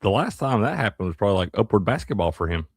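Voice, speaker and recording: A man with a fairly low voice chats about sports and his kids on a morning podcast. His manner is relaxed, jokey, and conversational. The recording is dry and close. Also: racing, slightly rough, dry recording. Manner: laid-back, chatty, jokey. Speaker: podcast co-host. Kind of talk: casual sports chat.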